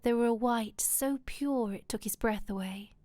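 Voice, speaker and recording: A woman reading a romance novel aloud in a soft, intimate, often whispered way. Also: fairly high pitch, normal speed, dry recording. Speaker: audiobook reader.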